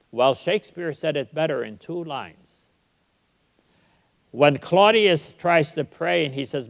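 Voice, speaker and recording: Older guy lecturing, emphatic, drags out the verse lines slow, big echoey hall. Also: a little high. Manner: emphatic, recites verse slowly. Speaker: guest lecturer. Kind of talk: public lecture.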